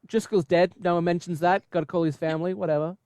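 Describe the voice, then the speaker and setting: A woman's voice: lowish voice, fast talker, no room sound, clean studio sound. A woman co-hosting a podcast in casual chat, telling stories and acting out people's reactions. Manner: lively storyteller, acts out quoted reactions. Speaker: podcast co-host.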